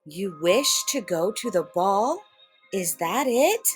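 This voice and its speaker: A woman voicing a gentle, kind fairy godmother in a storybook read-aloud, speaking softly and reassuringly. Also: mid-range voice, very animated, takes it slowly, slightly rough, faint music behind, heavily acted.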